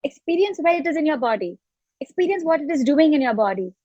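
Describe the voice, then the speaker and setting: A woman's voice: high-pitched, big pitch swings, quick pace, warm tone, no room sound, lo-fi sound. A woman coach, talking earnestly and repeating phrases as she explains an idea. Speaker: self-love coach, guest. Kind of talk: reflective coaching talk.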